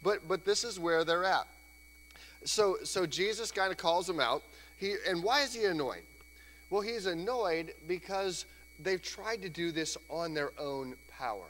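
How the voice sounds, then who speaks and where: Pastor preaching in a reverberant church. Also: male voice, high voice, animated, unhurried, fairly bright tone. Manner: conversational preaching, acts out quoted voices. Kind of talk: sermon. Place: church sanctuary. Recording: church hall reverb, faint hum.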